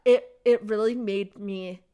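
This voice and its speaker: A woman's voice: mid-range voice, fairly even intonation, measured pace, warm tone, smooth. A young woman co-hosting a podcast, chatting casually and gushing about a movie, giggling often. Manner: giggly, gushing, many "like" fillers. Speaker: podcast co-host. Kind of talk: casual chat.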